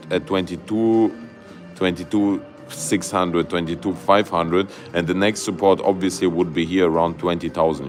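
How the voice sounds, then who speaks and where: Low-voiced man streaming live chart commentary. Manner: excitable, loose grammar, many fillers and "guys". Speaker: crypto livestream host.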